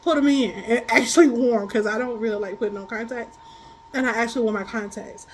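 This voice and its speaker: Woman, high voice, tarot reader, casual storyteller, quick to laugh, blunt and colloquial. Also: slight background noise, low-quality recording. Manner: animated, laughs often while telling stories. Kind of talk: casual spiritual chat.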